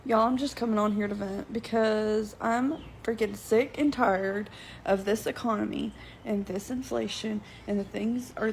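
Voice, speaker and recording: A frustrated woman vents to the camera, firing off incredulous questions. Her fairly high voice is heavy with gravelly fry. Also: a little mellow, slight background noise, low-quality recording. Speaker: working household earner. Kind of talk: venting rant to camera.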